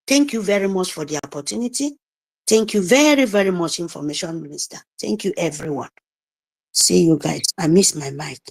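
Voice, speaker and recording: A woman's voice: lowish voice, animated, vocal fry, darkish tone, breathy edge. A woman giving an impassioned, repetitive speech to listeners on a group audio call. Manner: exhorting, repetitive, slow emphatic pleading. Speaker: guest speaker.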